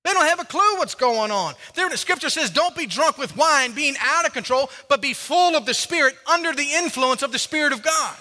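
High, bright-voiced preaching man. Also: expressive, brisk, few pauses, long reverb tail. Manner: preaching with rising and falling intensity, repeating phrases. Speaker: pastor. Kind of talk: sermon. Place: church sanctuary.

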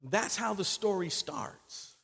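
A man preaching a sermon, telling the story in an animated way and building up emphasis. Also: high-pitched, slow, creaky, slightly rough. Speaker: pastor. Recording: long reverb of a large hall.

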